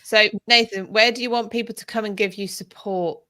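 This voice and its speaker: Female co-host, mid-pitched, upbeat, reads out viewer questions. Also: steady tone, a little fast, sharp tone. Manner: upbeat, relays audience questions. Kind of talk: casual video chat.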